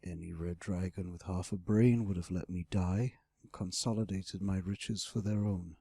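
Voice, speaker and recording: A man voicing a brooding male red dragon, speaking in a low, curt, growling way in an audiobook. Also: steady tone, normal speed, warm tone, breathy edge, no echo. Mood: grim. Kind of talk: audiobook character voice.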